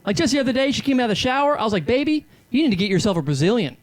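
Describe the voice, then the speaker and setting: A man playing a brash, loud middle-aged hack comedian who pumps up the crowd with cheesy punchlines, live on stage before a laughing audience. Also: very high-pitched, sing-song, racing, pitched above the performer's own voice.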